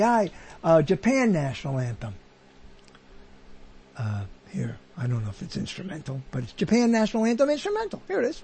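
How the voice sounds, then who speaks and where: A man's voice: high-pitched, a little mellow, slightly rough. A man hosting his own show, talking in a casual, rambling monologue that is joking, self-deprecating and full of digressions. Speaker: host.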